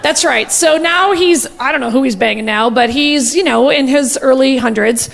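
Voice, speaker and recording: A woman's voice: sits high, moderate pace, vocal fry. A woman in her forties doing brash, gossipy, profane stand-up comedy on a stage mic.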